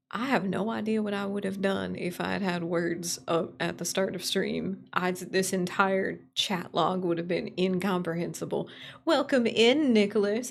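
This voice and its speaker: A woman's voice: mid-range voice, creaky, a little hiss or hum. Chatty young woman streamer. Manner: chatty, repeats greetings, laughs often. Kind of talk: casual livestream chat.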